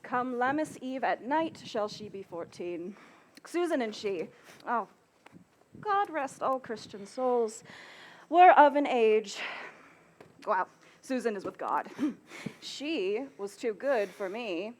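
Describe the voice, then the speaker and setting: A woman's voice: a little high, expressive, takes it slowly, long pauses, a little hiss or hum. A woman playing a garrulous, bawdy old nurse who rambles and laughs, acting Shakespeare on an outdoor stage. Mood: chattering. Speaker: stage actor.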